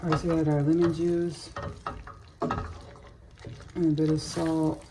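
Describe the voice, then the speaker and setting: Gravelly-voiced woman chatting while cooking. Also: sits low, level tone, a little slow, background noise. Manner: rambling, chatty, drifts into spiritual asides. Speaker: home cook vlogger. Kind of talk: casual cooking commentary. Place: home kitchen.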